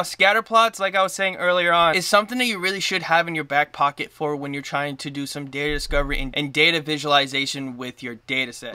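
A man's voice: fairly high pitch, sharp tone, clear, resonant tone, no room sound. A man hosting a coding tutorial, talking enthusiastically and often correcting himself mid-sentence. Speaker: programming tutorial host. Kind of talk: screen-share coding tutorial.

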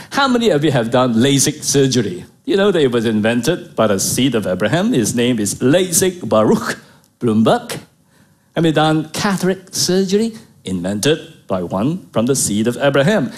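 Middle-aged male pastor, lively preaching. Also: mid-range voice. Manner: emphatic, repeats key phrases, rhetorical questions to the congregation. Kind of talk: sermon.

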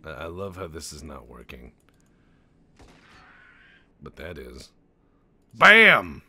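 A man's voice: a bass voice, slow pace, a bit bright, slightly rough. A man doing rambling, profane, jokey let's-play commentary over a strategy game, tossing in goofy voices. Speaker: gaming channel host.

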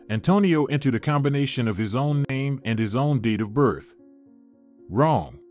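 A man's voice: mid-range voice, a little mellow. Man narrating a story over faint music. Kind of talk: scripted narration.

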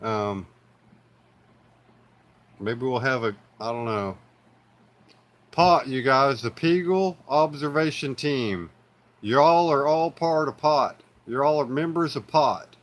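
Slow and pausing often, a medium-pitched man with an Oklahoma accent hosts a loose live-stream chat. He wanders from thought to thought, leans on fillers, and keeps calling his audience "y'all."

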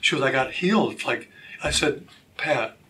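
A man sharing his personal testimony as a talk show guest, animated and acting out the voices of the people in his stories. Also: mid-range voice, normal speed, slight background noise. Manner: animated, acts out quoted voices. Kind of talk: storytelling testimony.

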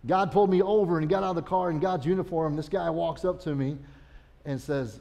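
In a church sanctuary, a children's pastor preaches in a folksy, conversational storytelling style. His voice is fairly high and dark-toned with vocal fry, and he speaks a little fast; the recording carries long church reverb.

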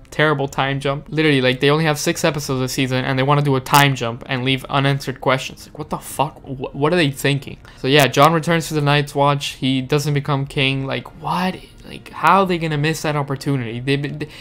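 A man's voice: a little high, a bit bright. A man giving a frustrated, swearing, dejected rant in a casual video review, sounding upset. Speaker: show reviewer.

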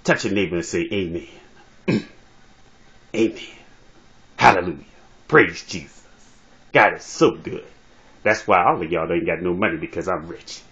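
A man voicing a slow, greedy male preacher who hums between drawn-out phrases. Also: low-pitched, fairly bright tone, pitched below the performer's own voice. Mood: preaching. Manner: drawn-out preaching broken by humming "mm". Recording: dull lo-fi phone recording.

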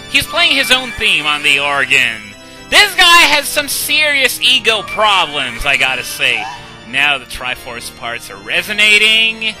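Young guy doing let's play commentary, kinda high voice, lots of uhs, game music going loud underneath. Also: poor audio. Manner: chatty, self-deprecating, frequent "uh" and "um". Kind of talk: gameplay commentary. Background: video game music.

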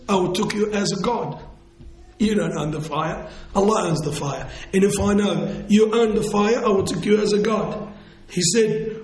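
Man lecturing in an echoey room. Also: high-pitched. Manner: halting, restarts phrases, slow emphatic quotes. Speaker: Islamic lecturer. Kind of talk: storytelling lecture. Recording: echoey room with faint noise.

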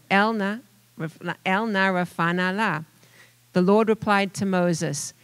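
A congregant with a South African accent reads scripture aloud at a steady, careful pace. The voice sits at a middle pitch and is recorded dry and close. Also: no room sound, low-quality recording. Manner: steady, careful reading with small self-corrections.

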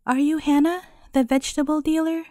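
A woman voicing an ugly, menacing old witch woman in a storybook, with a cracked, croaking voice and slow, grim muttering. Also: sits high, little pitch movement, dark tone, no echo, studio quality, lightly acted. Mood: demanding.

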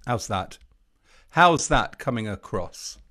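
A man's voice: medium pitch, expressive, slow pace, over music. A man co-hosting a children's sing-along livestream, playful and eager in his banter. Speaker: co-host and singer.

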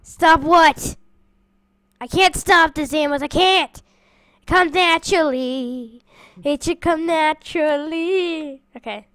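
A woman chatting playfully through a game with her siblings, excitable and prone to yelps and shouts. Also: high voice, slow, dry recording. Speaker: gamer playing with her siblings. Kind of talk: casual gameplay chat. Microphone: desk microphone.

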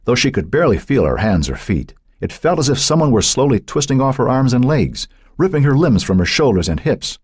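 A man narrating an audiobook in a dramatic, measured storytelling manner. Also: mid-range voice, big pitch swings, a little mellow, slightly rough, dry recording, studio quality. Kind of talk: scripted narration.

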